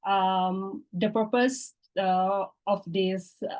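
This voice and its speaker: A woman, hoarse from a cold, giving a hesitant practice presentation over a video call, with many fillers. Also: medium pitch, steady tone, slow, a little mellow, rough recording. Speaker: workshop participant.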